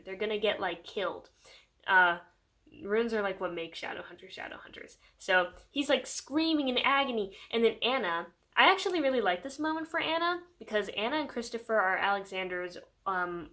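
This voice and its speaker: Chatty bright-voiced woman book vlogger. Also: mid-range voice. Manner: chatty and rambling, full of "like". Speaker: book reviewer. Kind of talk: casual vlog recap.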